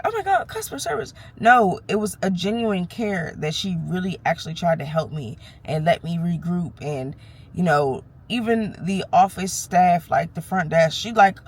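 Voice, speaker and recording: A woman vlogging candidly while nervous, telling a fired-up, frank story with cursing. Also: fairly low pitch. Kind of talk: candid vlog. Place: parked car or doctor's office.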